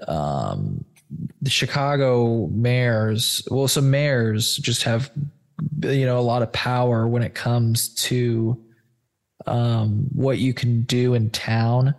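A man's voice: mid-range voice, slow pace. A man hosting a casual screen-share chat, loose, stoned and a bit profane as he walks through search results. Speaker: host.

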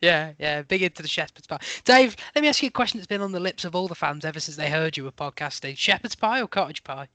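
A man's voice: fairly high pitch, lively intonation, fast, hardly any pauses, bright, forceful tone, no echo. A man hosting a podcast in casual chat, playful and teasing, often rambling. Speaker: podcast host.

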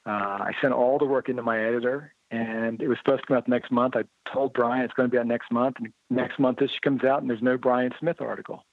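A man being interviewed about his motorcycle writing, telling lively anecdotes in a casual way and acting out the dialogue he quotes. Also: medium pitch, quick pace, hardly any pauses, no echo. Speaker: interview guest, motorcycle writer and blogger. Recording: tinny phone-like line, dry.

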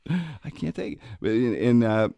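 A man's voice: medium pitch, animated, moderate pace, creaky, dark tone, slight background noise. A male host chatting casually, rambling through stories with laughs and restarts. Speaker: radio show host. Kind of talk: casual chat.

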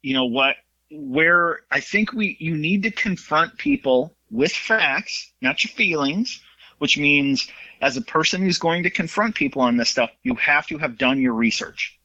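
A man's voice: fairly high pitch, expressive, measured pace, pushed and bright, dry recording. A man in casual political chat, opinionated and retelling exchanges at length. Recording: dull lo-fi sound.

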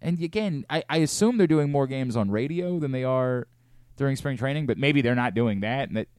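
A man hosting a sports talk radio show, ranting in an animated, exasperated way from a studio. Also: mid-range voice, a little fast, clean tone, dry recording.

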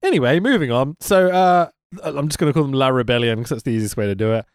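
A man co-hosting a wrestling podcast in casual chat, swearing freely, laughing often and rambling quickly. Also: mid-range voice, animated, clear, resonant tone, no echo, studio quality.

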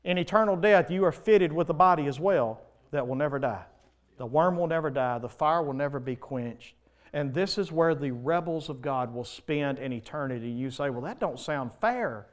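A man preaching a sermon in church, pleading and impassioned, swinging from loud swells to soft, quiet passages. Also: on the high side, animated, moderate pace.

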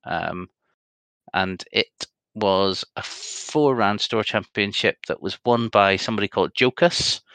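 Brief: male co-host, low gravelly voice, dry close sound, rambling casual delivery. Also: a little slow, fairly bright tone, no echo. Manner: rambling, many ums, reads out results. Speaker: podcast co-host. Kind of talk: casual chat.

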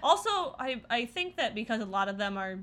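A woman chatting casually as a podcast co-host, teasing her friend with dry asides and quick backchannels. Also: on the high side, very animated, crowd noise. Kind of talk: casual chat.

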